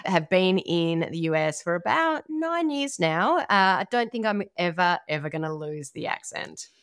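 A woman's voice: fairly low pitch, expressive, normal speed, a bit bright, clean tone. A woman with an Australian accent, a podcast guest talking in a chatty, easygoing way. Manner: chatty, laughs easily. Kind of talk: casual interview chat.

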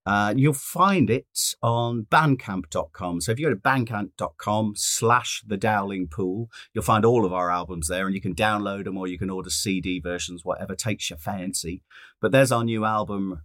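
Low-voiced wry male musician guest. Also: a bit bright, no echo, clean studio sound. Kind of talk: casual chat.

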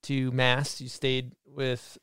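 A man's voice: medium pitch, monotone, slow pace, a bit bright, clean tone, dry recording, clean studio sound. A man from Massachusetts hosting a podcast in casual chat, swearing freely and telling stories with gusto. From Massachusetts, USA. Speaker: podcast host.

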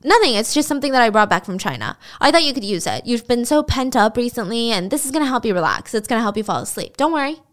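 A woman's voice: fairly high pitch, lively intonation, quick pace, hardly any pauses, close to an everyday voice. A woman voicing a controlling, manipulative man who talks in a falsely soothing, coaxing way.

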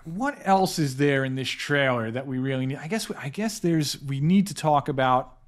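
A man hosting a casual panel chat about films, talking quickly and excitedly with many fillers and restarts. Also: mid-range voice. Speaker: podcast host, editor-in-chief.

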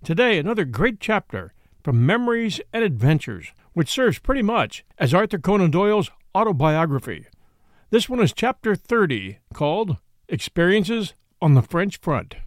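Expressive male podcast narrator, dry sound. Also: high-pitched, moderate pace, dry recording. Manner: expressive storytelling, acts out quoted speech. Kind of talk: audiobook reading of a memoir.

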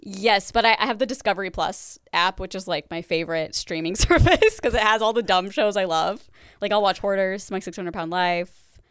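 A young adult woman from the Midwest, co-hosting a podcast in casual chat, full of "like" fillers and quick laughs. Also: medium pitch, a bit bright, smooth, no echo, clean studio sound. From American Midwest. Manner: chatty, many "like" fillers, laughs often. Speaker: podcast co-host.

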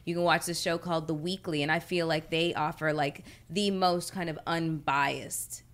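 A woman with a fairly low voice, talking in a relaxed podcast chat. She swears casually and chimes in with quick agreements.

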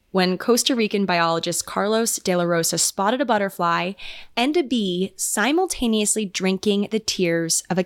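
A woman's voice: medium pitch, dry recording. Young female podcast host, casual rambling chatter, dry close recording. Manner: chatty, rambling, many "like" fillers. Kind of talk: casual solo podcast chat. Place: home.

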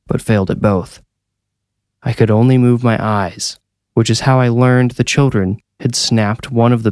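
A man narrating a first-person horror story as podcast host, measured and grave. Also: fairly low pitch, darkish tone.

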